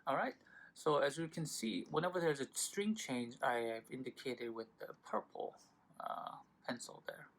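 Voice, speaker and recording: A man's voice: mid-range voice, animated, moderate pace. A man teaching a violin lesson in a patient, informal way, with frequent fillers and self-corrections. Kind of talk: instructional tutorial. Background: violin playing between phrases.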